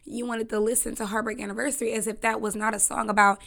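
A woman's voice: on the high side, level tone, quick pace, gravelly, fairly bright tone. A woman hosting her own podcast, talking casually and bluntly, with a lot of slang and swearing. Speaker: podcast host. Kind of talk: casual solo podcast chat.

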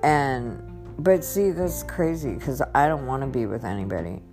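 A young woman rambling candidly in a personal vlog, halting and restarting as she talks about her faith and habits. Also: extremely low pitch, expressive. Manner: rambling, halting, self-interrupting. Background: soft guitar music.

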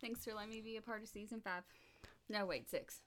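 Teasing woman guest, bright tone, casual chat. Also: medium pitch, steady tone, brisk. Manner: teasing, reads quiz text aloud. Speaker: podcast guest, host's girlfriend.

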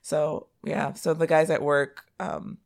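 Gravelly-voiced young woman, chatty. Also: low-pitched, slow. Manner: chatty, quotes people in animated voices. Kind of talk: casual storytelling chat.

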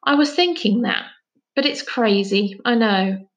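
A woman voicing an upset, impatient boy in a storybook reading, pleading and urgent in a raised voice. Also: unhurried. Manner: pleading, urgent, higher-pitched.

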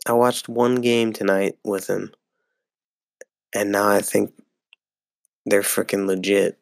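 A young man with a gravelly, creaky voice talks through a casual solo sports podcast. He rambles, swears freely and fills gaps with "like" and "um". The sound is dry and close, with little room echo. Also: fairly low pitch, fairly even intonation, slow pace. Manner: rambling and profane, with frequent fillers. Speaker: podcast host.

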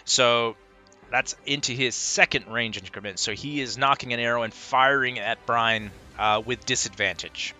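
A man narrating as game master, describing attacks vividly and working out ranges and distances out loud. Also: mid-range voice, moderate pace, faint music behind. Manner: descriptive, works out distances aloud.

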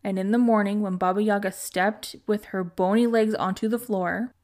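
A woman hosting a podcast tells an old folk tale aloud. Her narration is calm and measured, with a mid-pitched voice. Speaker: podcast host. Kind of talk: storytelling narration.

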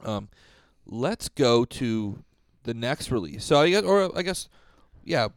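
A man co-hosting a casual music podcast, talking in a rambling, profane way with lively jumps in pitch. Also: slow pace, clear, resonant tone, no echo, studio quality. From Rochester, New York. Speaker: podcast co-host. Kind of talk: casual chat.

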